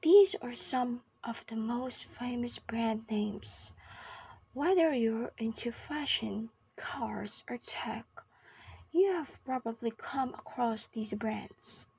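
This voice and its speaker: A woman giving a scripted pronunciation lesson, speaking slowly and carefully, often half-whispered. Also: fairly high pitch, darkish tone, breathy edge. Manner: slow, careful enunciation with long pauses. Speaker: pronunciation teacher.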